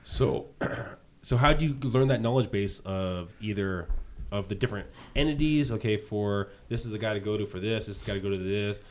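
A man's voice: lowish voice, slight background noise. A man hosting an interview and asking follow-up questions in a casual way. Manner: quick, asks probing follow-up questions. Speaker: podcast host.

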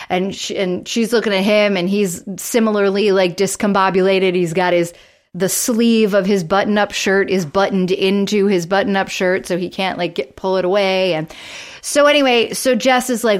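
A woman's voice: mid-range voice, fairly even intonation, normal speed. A woman co-hosting a podcast, animatedly retelling a TV episode in casual chat, full of "like". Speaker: podcast co-host.

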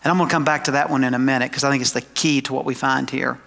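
A man preaching a sermon to his congregation, emphatic, slowing down for quoted scripture and dropping into conversational asides. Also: medium pitch, fairly even intonation, vocal fry, a bit bright. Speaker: pastor. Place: church sanctuary. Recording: long hall reverb.

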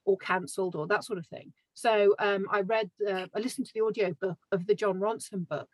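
A woman author being interviewed as a podcast guest, talking in a relaxed, reflective way with lots of fillers and small laughs. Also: mid-range voice, a little fast, no echo, rough recording. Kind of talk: casual podcast chat.

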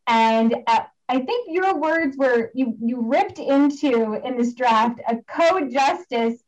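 A woman's voice: high voice, animated, slow pace, a little mellow, dull audio. A woman hosting a podcast interview, asking questions and prompting her guest with short affirmations. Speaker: podcast host.

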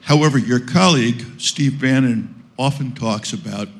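A man's voice: mid-range voice, moderate pace. A man from Brooklyn, an audience member asking a long, wry, informal question. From Brooklyn, New York.

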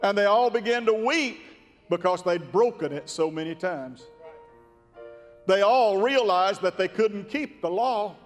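A man preaching a sermon in a folksy, drawn-out, emphatic way. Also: high voice, expressive, big-room sound, faint music behind. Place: church sanctuary.

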